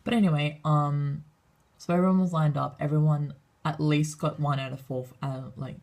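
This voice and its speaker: A teenage girl telling a story in a casual vlog, excitable and rambling, swearing often and filling her talk with "like". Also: deep voice. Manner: excitable, swears a lot, fast rambling with many fillers. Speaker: vlogger.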